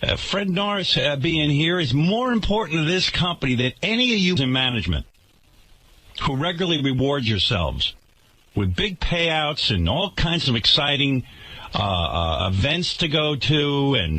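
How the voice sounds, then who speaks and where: Radio host, male, sarcastic indignant rant, husky and bright tone, lively pitch. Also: normal speed. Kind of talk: radio talk show rant.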